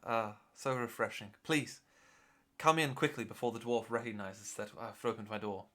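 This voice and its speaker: A man's voice: on the low side, steady tone, moderate pace, a bit bright, lightly acted. A man voicing a refined, fussy male elf who is airy and condescending. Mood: amused.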